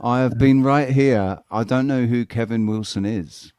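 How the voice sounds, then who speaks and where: A man's voice: mid-range voice, measured pace, clean tone, dry recording, clean studio sound. A man co-hosting a casual live stream chat, joking crudely and swearing freely. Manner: crude, joking, loud bursts. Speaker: stream co-host.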